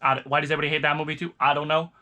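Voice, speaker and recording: A young man talks casually to camera, rambling loosely and starting his sentences over. His voice is bright and forward, pitched a little high for a man. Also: flat delivery, very fast, lo-fi sound. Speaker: vlogger reviewing movies. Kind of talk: casual chat.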